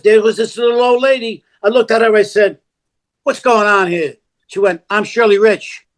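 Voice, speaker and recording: An older man, telling a story as a podcast guest, animated and blunt, acting out the dialogue of the people in it. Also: high voice. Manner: animated, acts out quoted dialogue, blunt and profane. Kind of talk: casual storytelling.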